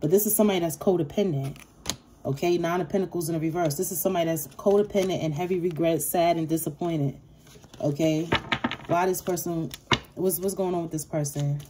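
A woman's voice: on the low side, fairly quick, background noise. A woman giving a casual tarot reading, blunt, profane and streetwise, speaking straight to her viewers. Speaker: tarot reader. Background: card shuffling.

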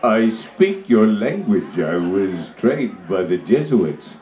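A man voicing a stern male village chief in a live stand-up story, speaking slowly and pompously in a voice dropped far below his own. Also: lowish voice, big pitch swings, warm tone, lo-fi sound, voice pushed down. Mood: solemn. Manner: slow, solemn, pompous delivery. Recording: echoey bar with crowd noise.

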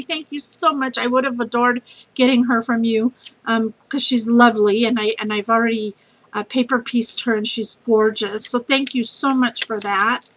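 A woman's voice: on the high side, a bit bright, poor audio. A middle-aged woman, gushing as she unboxes a craft gift package for her channel. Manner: gushing, effusive, says y'all.

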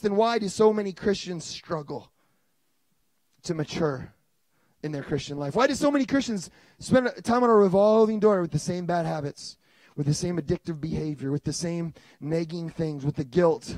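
A man in his thirties preaching a sermon as pastor, telling stories with lively restarts and bursts of excitement. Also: high-pitched, no echo. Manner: animated storytelling with many restarts.

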